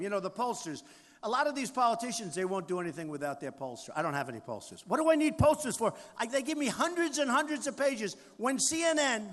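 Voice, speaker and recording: At a large rally, a sixty-something candidate gives a campaign speech in a very high, slightly bright voice. He boasts, repeats himself, and feeds off the crowd, while the hall adds long reverb and faint crowd noise can be heard.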